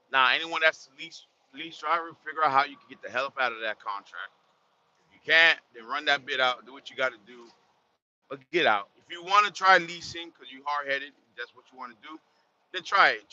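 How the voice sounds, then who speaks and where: A man who drives a truck, talking bluntly and casually in a streetwise way, swearing freely as he films from the cab on the highway. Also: moderate pace, pushed and bright. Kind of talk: casual vlog while driving. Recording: dull lo-fi sound.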